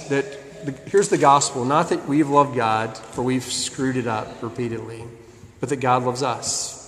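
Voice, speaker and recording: A man preaching a sermon, retelling a story in a casual way with acted asides. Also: medium pitch. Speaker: pastor. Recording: long hall reverb.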